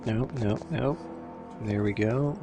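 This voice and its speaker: A man's voice: on the low side, slow pace, music in the background. A man hosting a let's play, giving casual gameplay commentary that is rambling, self-deprecating and thinking aloud.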